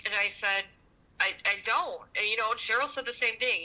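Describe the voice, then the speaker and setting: A woman's voice: on the high side, brisk, sharp tone, rough recording. A woman in her forties talking on a podcast, raw and self-critical, swearing heavily. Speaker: advice seeker, guest. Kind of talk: emotional podcast conversation.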